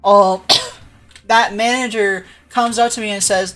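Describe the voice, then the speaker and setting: A woman's voice: mid-range voice, fairly even intonation, unhurried, a bit bright, faint music behind. A woman livestreamer telling a story in casual chat, laughing often and acting out the voices of the people she quotes.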